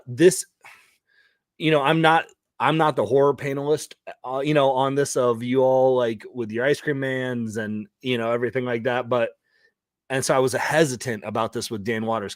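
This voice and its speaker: A man's voice: medium pitch, fairly even intonation, moderate pace, no room sound. Rambling panelist man, dry sound. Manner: rambling, lots of "like" and "you know". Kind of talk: casual panel chat.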